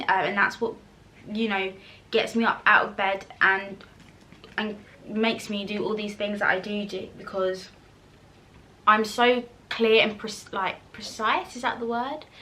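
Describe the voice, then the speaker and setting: A woman's voice: medium pitch, sharp tone. A woman, chatting casually to camera as she answers viewer questions, rambling with fillers and restarts. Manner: eating while talking at times. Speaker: YouTuber.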